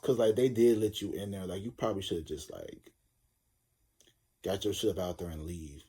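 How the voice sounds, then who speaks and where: A man's voice: low-pitched, moderate pace, warm tone, breathy edge. A man giving a casual tarot reading, rambling and cursing as he jokes through a story. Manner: rambling, profane, joking storyteller. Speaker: tarot reader.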